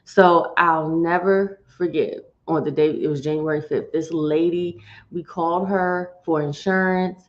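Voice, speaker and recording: A woman's voice: fairly low pitch, moderate pace. A woman hosting a live-streamed morning show, chatty and folksy, talking straight to her viewers. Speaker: host. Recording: dull lo-fi stream audio.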